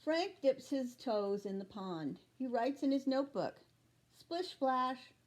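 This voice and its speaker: Slow, careful woman reading to children. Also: on the high side, lively intonation, warm tone. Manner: slow, deliberate storybook reading. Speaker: teacher. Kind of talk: reading a children's chapter book aloud.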